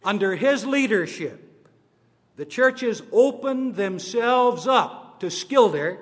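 A man giving a formal address on church history, slow and deliberate, stressing his words one by one. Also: sits high, a bit bright. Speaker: church speaker on denominational history. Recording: long reverb of a large hall.

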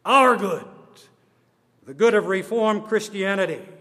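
Slow, emphatic man in a reverberant hall. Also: high voice, fairly bright tone. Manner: slow, deliberate and emphatic, stressing words one by one. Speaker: church speaker on denominational history. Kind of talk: formal church history address. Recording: long reverb of a large hall.

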